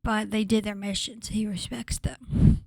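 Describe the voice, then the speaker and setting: A woman vlogger gushing in a casual, rambling way, often sinking to a breathy whisper. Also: medium pitch, steady tone, moderate pace, darkish tone, dry recording. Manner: rambling with frequent fillers and restarts. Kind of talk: casual vlog commentary.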